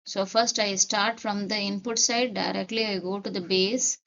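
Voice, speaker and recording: Gravelly-voiced woman teaching a lesson. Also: mid-range voice, fairly even intonation, fairly bright tone, muffled recording. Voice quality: repeats key points deliberately. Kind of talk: step-by-step lecture.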